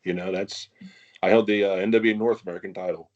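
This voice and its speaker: A man's voice: sits low, steady tone, fast, darkish tone, lo-fi sound. A man, a former wrestler, telling stories in a casual podcast chat, laughing often and swearing freely.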